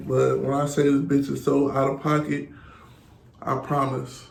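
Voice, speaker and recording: A man's voice: medium pitch, monotone, a little slow, gravelly. A man in his thirties, a podcast guest, telling blunt and profane stories in casual chat and quoting others as he goes. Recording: echoey room with faint hiss.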